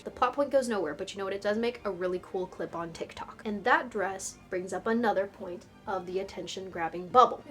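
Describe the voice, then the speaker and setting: Sarcastic young woman ranting in a video essay. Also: mid-range voice. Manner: sarcastic, exasperated, swearing.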